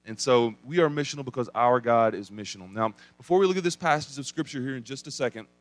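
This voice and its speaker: A young adult pastor with an East Tennessee accent preaches a sermon and tells a story, his pitch and volume swinging widely. He's animated and talks fast, over a dry recording with soft music in the background.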